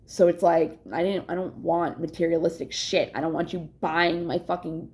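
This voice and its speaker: A woman's voice: lowish voice, flat delivery, normal speed, a little mellow. A young adult woman talking candidly in a casual personal vlog, rambling, swearing often and laughing between thoughts. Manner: yawns to catch her breath. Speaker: vlogger.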